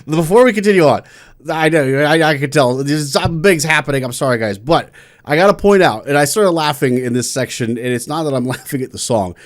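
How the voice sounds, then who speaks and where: A man's voice: a little high, animated, a little fast. Enthusiastic male music teacher reacting. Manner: enthusiastic, explains theory in plain terms, restarts often. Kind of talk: casual reaction and music analysis.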